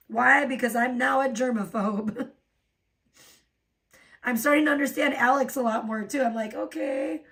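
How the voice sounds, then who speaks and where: A woman's voice: on the high side, fairly even intonation, unhurried, pauses often, fairly bright tone, distant mic. A woman hosting a livestream, ranting in a profane, rambling way and laughing often. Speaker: livestream host. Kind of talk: casual livestream rant.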